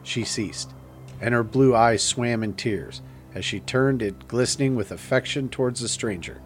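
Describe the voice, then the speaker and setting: A man narrating a gothic tale as an audiobook in a measured, grave manner. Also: mid-range voice, soft background music.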